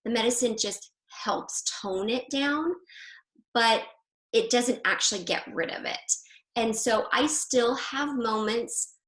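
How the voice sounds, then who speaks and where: A woman hosting a women's group on a video call, talking in a casual, animated way and laughing easily. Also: a little high. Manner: chatty, animated, quick to laugh. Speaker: Christian marriage coach hosting a women's group. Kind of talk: casual live online coaching talk. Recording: roomy echo.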